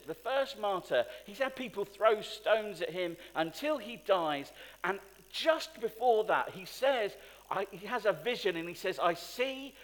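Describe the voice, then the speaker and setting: Man preaching in a big echoey church, really animated, asks the crowd stuff. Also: high voice. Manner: animated, rising to emphatic peaks, asks the congregation questions. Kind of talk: sermon. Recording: long hall reverb.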